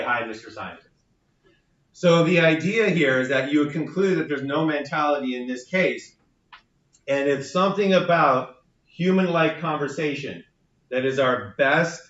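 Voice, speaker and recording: A man's voice: mid-range voice, a bit bright. Man lecturing in an echoey classroom. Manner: explanatory, frequent "right?" tag questions. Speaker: university instructor. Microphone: room recording from a distance. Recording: echoey classroom from far off, dull.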